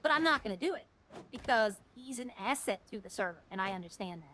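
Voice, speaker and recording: Chatty streamer woman, fairly high voice. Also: animated, quick pace, fairly bright tone, slight background noise, low-quality recording. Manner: rambling, with frequent restarts. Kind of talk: casual chat while playing a game.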